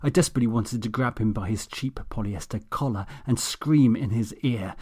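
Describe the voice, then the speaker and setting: A man's voice: mid-range voice, fairly quick, few pauses, darkish tone, husky. A man reading a comic audiobook in a dry, sardonic, self-mocking way. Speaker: audiobook narrator.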